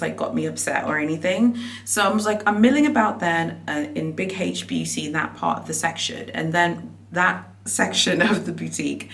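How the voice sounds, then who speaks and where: A young woman vlogger telling a shopping story in a chatty, animated way, with lots of fillers. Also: fairly low pitch, gravelly. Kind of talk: casual storytelling vlog.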